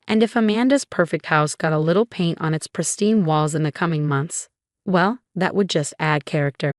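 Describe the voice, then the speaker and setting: Woman telling a story in first person, low voice, calm, dry close sound. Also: moderate pace, dry recording. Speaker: narrator.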